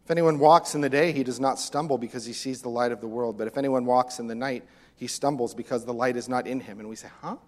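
A man preaching a sermon as pastor, animated, acting out voices from the text. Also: medium pitch, fast. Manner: animated, acts out the disciples' lines. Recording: long reverb of a hall.

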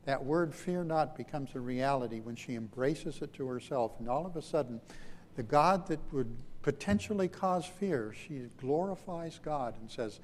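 A man's voice: mid-range voice, a little mellow, long reverb tail, slight background noise. A man preaching a sermon as pastor, with dramatic emphasis that swells and drops, stretching out key phrases. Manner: dramatic, rising and falling emphasis with slowed phrases.

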